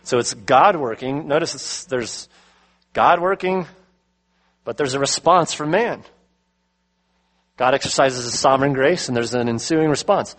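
Middle-aged male pastor, emphatic sermon delivery with slow stressed phrases. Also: medium pitch, a bit bright, low-quality recording. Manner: emphatic, slows to stress key words.

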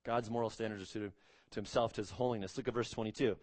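A man preaching a sermon as pastor, speaking emphatically, rising on key words and dropping low and quiet on solemn points. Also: steady tone, fast talker, dry recording.

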